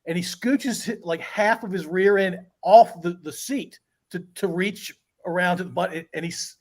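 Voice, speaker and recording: A man's voice: high voice, moderate pace, darkish tone. A man hosting a podcast, telling a story in an amused way and laughing through it. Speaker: podcast host. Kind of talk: casual storytelling.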